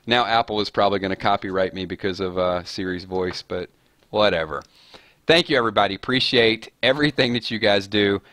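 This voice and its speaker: A man's voice: on the low side, a little fast, pushed and bright, no echo, clean studio sound. A man hosting a casual live-stream chat, rambling and chuckling as he talks. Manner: rambling, chuckling, self-deprecating. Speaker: host.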